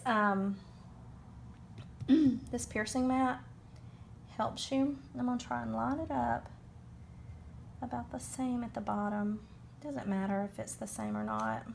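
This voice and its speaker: A woman's voice: mid-range voice, gravelly, noisy background. A woman with a Southern US accent giving an unscripted card-making demo, chatty and rambling as she thinks aloud.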